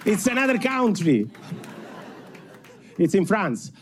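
A man from Italy with a strong Italian accent, performing an animated, self-mocking stand-up comedy set on stage before a live audience. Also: sits high, takes it slowly, a crowd in the background, background noise.

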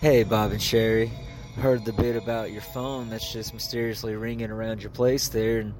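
A man's voice: on the low side, flat delivery, normal speed, a little mellow, soft background music. A man calling in to a radio show, rambling on with lots of "you know" and repeated words. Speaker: caller. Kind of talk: casual rambling phone call.

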